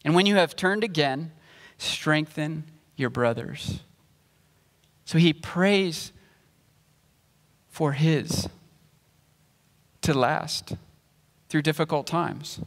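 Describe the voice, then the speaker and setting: A pastor preaching a sermon, explaining scripture and reading verses aloud in a measured way. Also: male voice, fairly high pitch, lively intonation, in a large hall. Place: church sanctuary.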